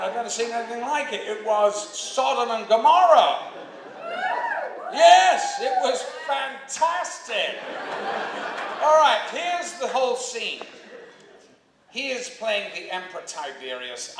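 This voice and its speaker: An older man from England, telling animated stories to a convention crowd and acting out the voices of others. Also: very high voice, measured pace, creaky, noisy background. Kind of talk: anecdote to a live audience. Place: convention hall stage. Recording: echoey hall, mic from a distance, crowd laughing. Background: audience laughter.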